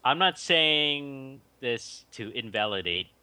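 Young guy cohosting a podcast, wry teasing tone, really lively pitch. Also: slow, clean tone, dry recording. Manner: teasing, wry, reads quotes aloud with laughs. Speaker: podcast co-host. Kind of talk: casual chat about movies.

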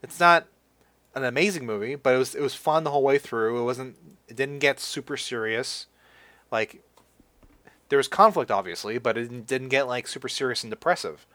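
A man's voice: medium pitch, normal speed, a bit bright, no room sound. A young man chatting casually about movies as a podcast co-host, rambling with lots of fillers and restarts.

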